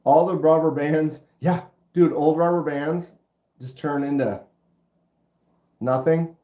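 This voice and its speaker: A middle-aged man with a stuffy nose hosting a casual livestream, chatting with viewers in a laid-back, drawn-out way. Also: on the high side, fairly even intonation, warm tone. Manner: laid-back, drawn-out, says dude and bro. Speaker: livestream host. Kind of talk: casual livestream chat reading comments. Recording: roomy, dull lo-fi sound.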